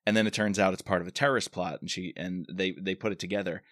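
Low-voiced man retelling a thriller plot. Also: fast talker, no room sound, clean studio sound. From Washington DC area. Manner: animated retelling, acts out characters' lines. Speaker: podcast co-host discussing a novel. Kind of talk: casual chat.

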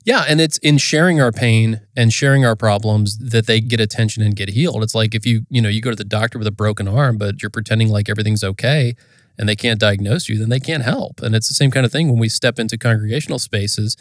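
A man co-hosting a conversation, speaking in a thoughtful, measured and reflective way. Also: fairly low pitch, no echo, studio quality. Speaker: podcast co-host. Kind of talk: casual conversation.

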